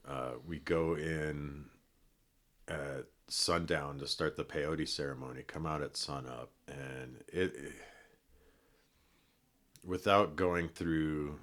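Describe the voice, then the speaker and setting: A middle-aged man from Colorado, a podcast guest telling a long story in a relaxed, rambling way with many fillers and restarts. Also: a bass voice. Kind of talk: casual storytelling.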